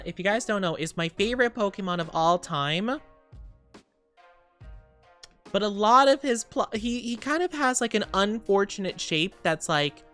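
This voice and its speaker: A man's voice: high-pitched, pushed and bright. A young man streaming, chatting casually in a bubbly, rambling way, reading chat aloud and giggling often.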